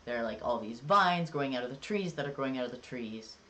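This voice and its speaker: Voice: medium pitch, animated, fast talker, sharp tone. Rambling, chatty live-streamer. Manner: casual and jokey. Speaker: livestreamer. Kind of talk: casual live-stream chat.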